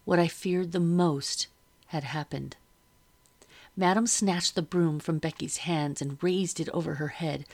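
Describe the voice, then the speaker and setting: A woman reading a first-person novel aloud as audiobook narrator, steady and measured. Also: low-pitched.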